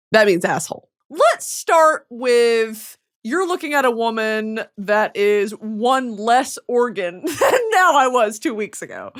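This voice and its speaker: Lively, loud-swinging young woman. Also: fairly high pitch, a little slow. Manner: animated, swearing, jumps to loud squealing outbursts. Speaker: podcast host. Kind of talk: comedic podcast monologue.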